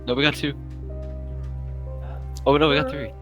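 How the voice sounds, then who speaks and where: A man's voice: fairly high pitch, steady tone, normal speed, faint music behind. A man playing a tabletop game, talking in a scheming, matter-of-fact way. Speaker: player. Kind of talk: casual tabletop play.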